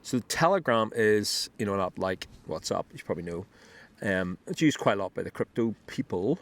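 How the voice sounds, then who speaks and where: Man with a lower voice, relaxed rambling demo delivery full of restarts, outdoors on a clip-on mic. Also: moderate pace. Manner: rambling, many ums and restarts. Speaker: app builder demoing his work. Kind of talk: casual screen demo talk. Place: outdoors on a beach. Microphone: wireless clip-on mic.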